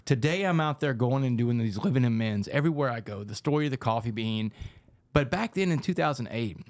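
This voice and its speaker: A man tells his story as a podcast guest, animated and fast-paced. His speech is rapid and energetic, and he keeps slipping in "man". The recording is dry and close, with no room sound. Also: medium pitch, dry recording. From Texas, United States. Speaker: podcast guest, author and speaker. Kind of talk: storytelling in a casual podcast interview.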